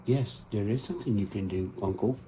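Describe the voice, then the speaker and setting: A man in his thirties vents in a long, profane spoken rant. His voice is mellow and dark. A little faint noise sits under the recording. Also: lowish voice, fairly quick. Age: 30s. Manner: angry, profane, venting. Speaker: country rap artist.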